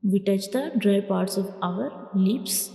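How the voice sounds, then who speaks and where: In an echoey room with lingering reverb, a patient Quran reading teacher walks learners slowly through the letters. Her mid-range voice is creaky, and she says each letter sound loudly and repeats it.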